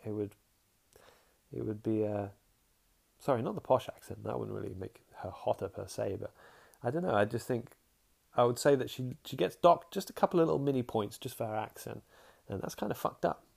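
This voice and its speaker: A man's voice: mid-range voice, brisk, vocal fry, a little mellow, breathy edge. A young man hosting a casual podcast monologue, rambling frankly, trailing off and restarting his sentences. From England. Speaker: podcast host.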